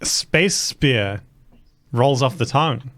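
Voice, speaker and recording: A man co-hosting a casual comedy podcast, tossing out playful ideas in a halting way. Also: medium pitch, lively intonation, a bit bright. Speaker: podcast co-host.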